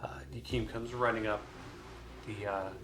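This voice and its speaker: A man's voice: fairly low pitch, little pitch movement, a little slow. A man narrating a solo tabletop game as game master, casual and loose with frequent fillers. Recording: voice over loud background music. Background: music.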